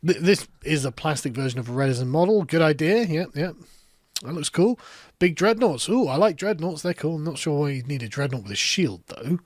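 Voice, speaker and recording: Brief: a man commentating in an online video, a bit high-pitched, dismissive, dry close sound. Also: expressive, a little fast, dry recording.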